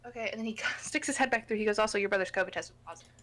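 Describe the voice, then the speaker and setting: A woman's voice: medium pitch, rapid-fire, slight background noise. Young woman, podcast co-host, chatty storyteller who curses a lot. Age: young adult. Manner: animated, swears a lot, acts out quoted people. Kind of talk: casual storytelling chat.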